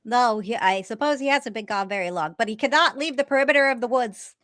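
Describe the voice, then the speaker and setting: A woman's voice: a little high, fast, a bit bright, no echo, studio quality, natural voice. A woman playing a masked flower seller from the woods who speaks guardedly and hesitantly in a tabletop game.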